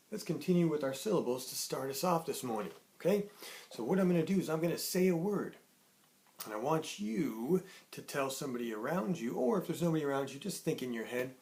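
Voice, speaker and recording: A man teaching young children in an online lesson, cheerful and patient, slowly sounding out words. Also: mid-range voice, a little mellow. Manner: cheerful, sings a greeting song, slow clear sounding out of words.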